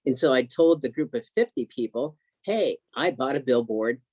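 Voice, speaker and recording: A man telling an excited, emotional story as a guest on a video call, acting out what others said. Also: mid-range voice, normal speed, dry recording. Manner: excited, emotional storyteller who acts out quotes.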